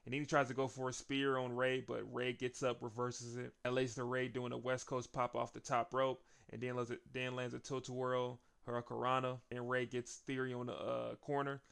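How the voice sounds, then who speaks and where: In a relaxed wrestling recap, a gravelly-voiced man at a middling pitch talks monotonously and fairly quickly with hardly any pauses, chatting loosely and often laughing between points. The tone is fairly bright.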